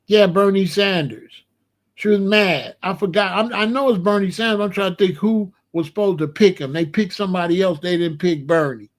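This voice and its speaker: A man in his sixties giving a rambling comedic monologue as host, telling stories with animated disbelief and laughter. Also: high voice, moderate pace. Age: 60s. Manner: animated, incredulous storytelling with laughs.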